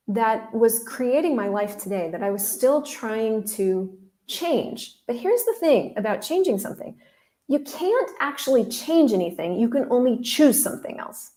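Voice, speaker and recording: Warm-voiced woman, chatty podcast host. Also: on the high side. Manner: chatty and candid, addresses listeners directly, swears casually. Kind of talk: casual storytelling monologue.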